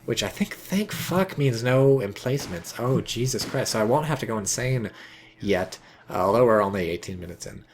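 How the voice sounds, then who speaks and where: Excitable, profane male game caster. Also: mid-range voice, normal speed, a little hiss or hum. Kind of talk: casual game commentary.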